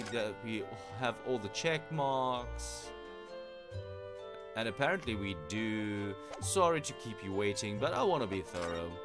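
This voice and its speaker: Let's-play host, casual reader, animated pitch, game music behind. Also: male voice. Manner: chatty, apologetic, reading aloud. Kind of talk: casual gameplay commentary and dialogue reading.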